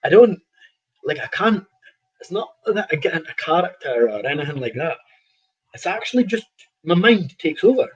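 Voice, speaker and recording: A man's voice: fairly high pitch, big pitch swings, normal speed, long pauses, breathy edge, dull audio. A man, a professional boxer telling stories in a casual interview, rambling with restarts and laughing at himself.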